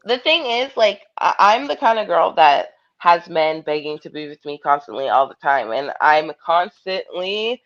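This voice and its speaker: A woman's voice: fairly low pitch, lively intonation, moderate pace, few pauses, highs cut off. A woman panelist in a heated group chat, blunt and sarcastic, swearing freely.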